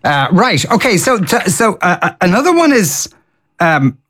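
A man hosting a radio show, reading out listener texts and reacting with short, lively comments. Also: high-pitched, moderate pace. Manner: lively, brief interjections and reactions. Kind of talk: casual radio chat.

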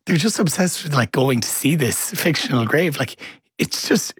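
Male podcast co-host, slightly husky, casual and halting, close dry sound. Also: a little high, lively intonation, dry recording. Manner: rambling, hesitant, self-correcting. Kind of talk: casual chat.

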